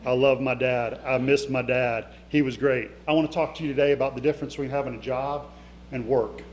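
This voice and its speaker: A man's voice: mid-range voice, steady tone, a little fast, darkish tone. Middle-aged male keynote speaker, heartfelt storyteller, talks right at the crowd; roomy hall with a faint hum. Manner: emotional, conversational, addresses the audience directly. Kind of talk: motivational storytelling speech. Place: event hall before a live audience.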